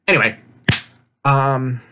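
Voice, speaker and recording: A man's voice: mid-range voice, fairly even intonation, takes it slowly, noisy background. A man casually recapping an online game he played, rambling and laughing often, swearing offhandedly and acting out his own quoted lines.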